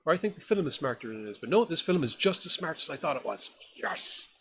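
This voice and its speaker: A man's voice: fairly high pitch, very animated, racing, creaky, a bit bright, slight background noise. A man co-hosting a horror film podcast, reviewing a new film in casual, enthusiastic, rambling chat. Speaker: podcast co-host.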